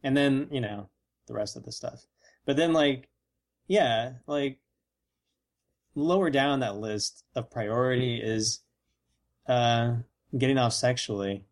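A man co-hosting a casual comedic chat, cracking deadpan jokes and acting out mock quotes. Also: mid-range voice, slow, pauses often.

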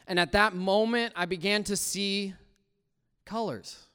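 A young man giving an earnest personal faith testimony, swinging from hushed to loud and emotional. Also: high voice, fairly even intonation, unhurried, clear, resonant tone, in a large hall. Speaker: testimony speaker.

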